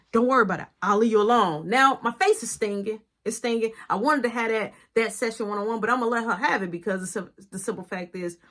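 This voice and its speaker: A woman telling a personal story in a casual storytime style, acting out each quoted voice with lots of energy. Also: medium pitch. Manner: animated, acts out every quoted voice.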